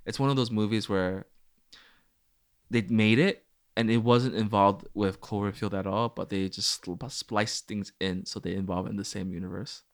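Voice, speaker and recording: Chatty young man telling movie stories. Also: moderate pace. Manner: chatty storyteller, many fillers, jumps up in pitch when excited. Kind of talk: casual chat about movies.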